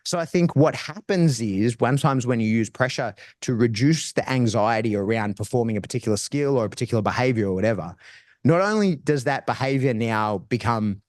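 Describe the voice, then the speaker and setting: A man's voice: mid-range voice, expressive, brisk, no room sound, clean studio sound. A man who trains dogs, talking as a podcast guest in a casual, slangy way, often restarting his phrases. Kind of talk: casual explanatory chat.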